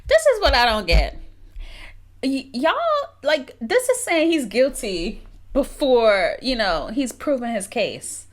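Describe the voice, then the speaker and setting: Lively, blunt woman podcaster. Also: on the high side. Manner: blunt, skeptical, quick to laugh. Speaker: podcast co-host. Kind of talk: casual chat.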